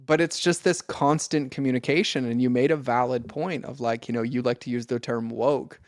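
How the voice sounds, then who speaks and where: A man talking as a podcast guest and mentor in casual conversation, earnest and animated as he acts out conversations. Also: a little high, fairly quick, hardly any pauses, no echo. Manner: earnest, animated when acting out exchanges.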